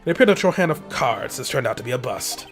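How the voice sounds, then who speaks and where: A man's voice: mid-range voice, sing-song, fast, music in the background. A man voicing a haughty, smug male ambassador villain who speaks formally. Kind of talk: reading game dialogue aloud.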